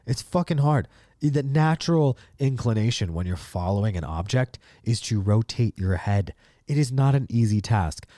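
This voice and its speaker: A man in his late twenties hosts a podcast, delivering a casual, profane, animated storytelling monologue and acting out the people he quotes. His voice is medium-pitched, recorded at studio quality with no echo.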